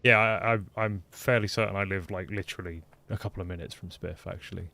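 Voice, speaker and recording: An Englishman with a mixed accent, mostly Lincolnshire, chats loosely while streaming a game on a desktop mic, rambling and self-deprecating with frequent ums and restarts. His deep, gravelly voice is bright and forceful, fast-paced, with fairly even intonation.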